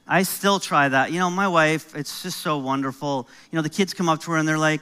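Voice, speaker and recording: A man's voice: on the high side, a little fast, few pauses, bright, forceful tone, clear, resonant tone. A middle-aged man from New York with an American accent, preaching a sermon as pastor in a conversational, joking way with rising emphasis.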